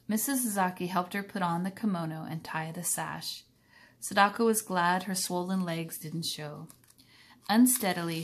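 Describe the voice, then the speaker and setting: Woman, reading a children's book aloud, calm even tone, lowish voice. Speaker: reader.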